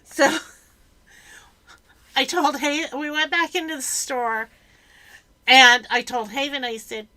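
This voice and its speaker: A chatty woman hosts a casual talk, her voice slightly high and very bright. She tells her story loosely and drops in plenty of ums. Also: steady tone, slow, long pauses. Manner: chatty storyteller, filler-heavy. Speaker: podcast host. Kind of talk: casual chat.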